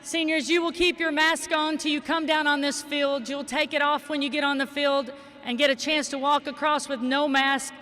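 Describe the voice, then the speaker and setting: A man's voice: very high-pitched, little pitch movement, moderate pace. A man giving an emotional, affectionate welcome speech to graduates in a large stadium. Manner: warm, emotional, affectionate toward students. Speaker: school administrator welcoming graduates.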